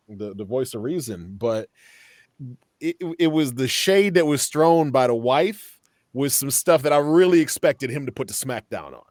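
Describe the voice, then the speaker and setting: A man's voice: mid-range voice, no echo. Opinionated male podcast co-host, dry sound. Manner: opinionated, halting with restarts, slangy. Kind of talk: casual podcast discussion.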